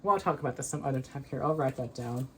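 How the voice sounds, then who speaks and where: A woman's voice: extremely low pitch, fast talker, darkish tone, slight background noise, low-quality recording. A woman chatting casually to camera from her bedroom, recorded on a phone, rambling and often restarting her sentences. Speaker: vlogger. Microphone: phone propped on a windowsill.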